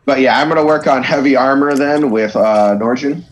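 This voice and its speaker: A man's voice: medium pitch, fairly quick, a little hiss or hum. A man chatting as a player at a tabletop game, asking careful questions about the rules. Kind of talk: casual chat at a game table.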